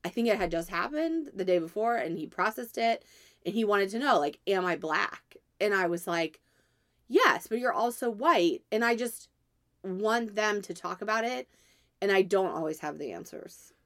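A woman's voice: mid-range voice, expressive, moderate pace, a bit bright, no room sound, studio quality. A woman in her thirties, co-hosting a casual podcast chat and telling a family story in a chatty way, laughing often. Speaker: podcast co-host.

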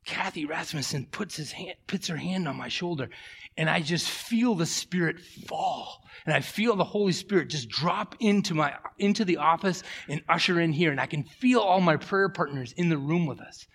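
A middle-aged male pastor preaching a sermon, telling stories with animated swings from loud to hushed. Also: on the high side, normal speed, husky. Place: church.

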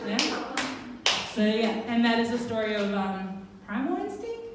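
A woman's voice: fairly high pitch, measured pace, very noisy. Woman telling a story live. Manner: lively, laughing, many fillers and restarts. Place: live venue stage. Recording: echoey venue, mic from far off.

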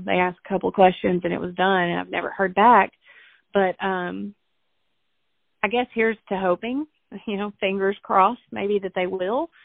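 A young adult woman telling a painful family story as an interview guest, earnest and halting, with many restarts. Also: mid-range voice, gravelly, no room sound, phone-quality sound. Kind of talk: emotional personal storytelling.

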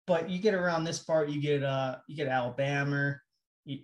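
A man's voice: fairly high pitch, normal speed. A man co-hosting a podcast in casual, loose chat, swearing often and rambling with restarts. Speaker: podcast co-host.

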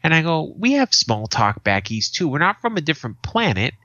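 A man co-hosting a podcast, telling stories in a casual, profane, animated way. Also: a little high, brisk, dry recording, lo-fi sound. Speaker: podcast co-host. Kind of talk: casual chat.

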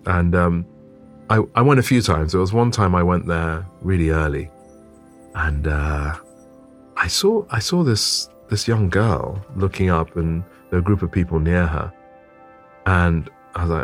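A man's voice: low voice, a little slow, faint music behind. A man, a photographer telling a story thoughtfully in an interview and often repeating words as he gathers his thoughts. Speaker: photographer guest.

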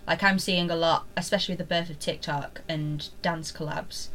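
A woman co-hosting a casual podcast, chatty and amused, quick to tease the others. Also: sits low, steady tone, a bit bright. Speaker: podcast co-host. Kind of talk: casual chat.

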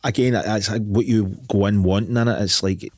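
A man's voice: on the low side, fairly even intonation, moderate pace, dry recording. A Scottish man co-hosting a podcast, chatting casually about films, blunt and sweary, saying "aye" a lot. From Scotland. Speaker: podcast co-host. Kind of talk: casual film chat.

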